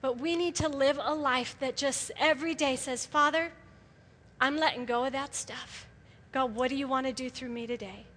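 A middle-aged woman giving an animated sermon to a gathering of women, often laughing as she speaks. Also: high-pitched, normal speed. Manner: animated, laughs often, acts out quoted voices. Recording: live hall with long reverb.

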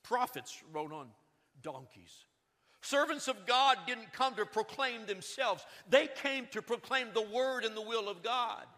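High, ringing male pastor voice, dramatic shifts from loud to hushed, church-hall reverb. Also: expressive, measured pace. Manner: dramatic swings between loud urgency and hushed emphasis. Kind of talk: sermon. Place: church sanctuary.

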